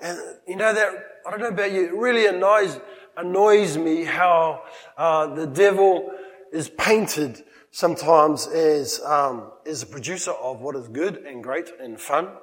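A man's voice: on the high side, a little slow, fairly bright tone, in a large hall, rough recording. A man preaching a sermon, emphatic and with playful humorous asides. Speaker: pastor. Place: church.

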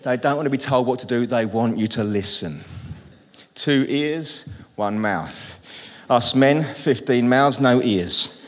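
Lively British preacher in a reverberant hall. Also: male voice, medium pitch, takes it slowly. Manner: lively, humorous, calls out to the congregation. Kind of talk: sermon. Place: church hall. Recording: long reverb in a large hall.

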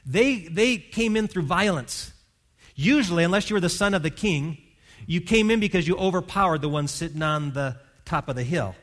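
A man preaching a sermon as pastor, telling a Bible story and voicing its characters, rising to loud emphasis. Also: on the high side, expressive, normal speed.

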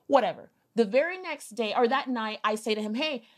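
A woman guest on a podcast, telling a personal story in a casual, animated way, acting out bits of dialogue and swearing now and then. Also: a little high, brisk. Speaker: podcast guest, business owner.

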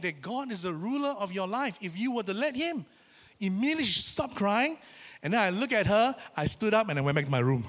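A man preaching a sermon in a church, telling a personal story in a lively, chatty way and acting out the voices he quotes. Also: sits high, a little fast, a little hiss or hum. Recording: reverberant church hall.

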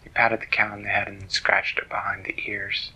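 A man telling a children's bedtime story, gentle and playful, dropping into hushed whispers. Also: lowish voice, little pitch movement, normal speed, slightly rough, poor audio.

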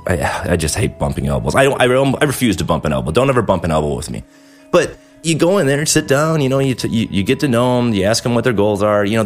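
A man in his thirties hosting a show, talking through practical advice in a casual, conversational way and briefly acting out quoted lines. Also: lowish voice. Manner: animated, conversational, acts out quick quoted asides. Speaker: dental practice owner and podcast host.

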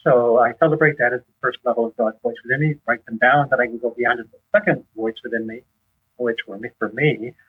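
A man with a husky voice, a guest in an interview, teaching on faith in a conversational way and animatedly acting out dialogue. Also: quick pace. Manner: animated storyteller, acts out dialogue with rising pitch. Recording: tinny phone-line sound.

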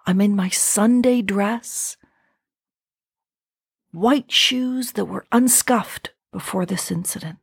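A woman in her fifties hosting a podcast, telling a personal story in a slow, reflective and intimate way. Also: mid-range voice, vocal fry, breathy edge, dry recording, clean studio sound. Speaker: podcast host.

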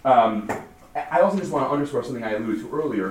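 A man leading a text study class, lively and questioning, thinking aloud as he explains. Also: medium pitch, rapid-fire. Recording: roomy, far from the mic, faint noise.

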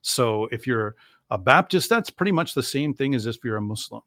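A man's voice: mid-range voice, lively intonation, normal speed, fairly bright tone, no room sound, studio quality. A man answering an interview question at length, thoughtful and explanatory, with many fillers and restarts. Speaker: interview guest, Orthodox Christian speaker.

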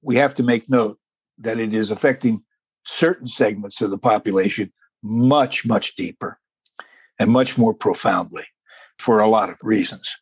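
Husky-voiced male talk show host. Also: lowish voice, no room sound. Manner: folksy, deliberate, slows for emphasis. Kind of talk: hosting an interview show.

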